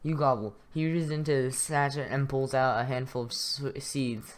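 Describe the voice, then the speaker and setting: A man's voice: medium pitch, normal speed. A young man reading a text adventure game aloud, adding casual remarks, chuckling often and stumbling over words. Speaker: gaming YouTuber.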